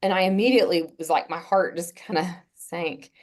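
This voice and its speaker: A woman guest on a podcast, telling a personal story in a casual, earnest way, pausing often with fillers and restarts. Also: on the low side. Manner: halting, with frequent "um" and restarts.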